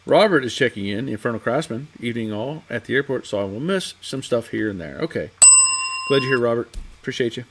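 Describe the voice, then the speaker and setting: A man's voice: mid-range voice, animated, fairly quick, slightly rough. Chatty man hosting a garage livestream. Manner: rambling, chatty storyteller with frequent restarts. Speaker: livestream host of a classic car garage show. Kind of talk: casual chat, reading out viewer comments. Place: home garage workshop.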